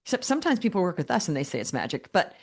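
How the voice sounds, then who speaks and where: An older woman with a fairly low voice tells her story in an interview. She talks in a lively, humorous way and acts out quoted conversations in different voices. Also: very fast. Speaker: guest business coach.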